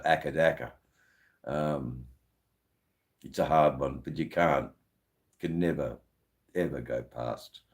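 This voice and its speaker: A man's voice: extremely low pitch, darkish tone. An Australian man hosting a live stream, chatting casually with viewers in a rambling way full of fillers and restarts. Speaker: livestream host.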